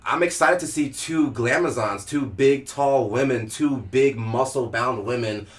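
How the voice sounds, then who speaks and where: A man's voice: mid-range voice, a little slow. A man co-hosting a casual podcast chat, talking with many fillers and restarts. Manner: chatty, hesitant, many fillers. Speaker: podcast co-host.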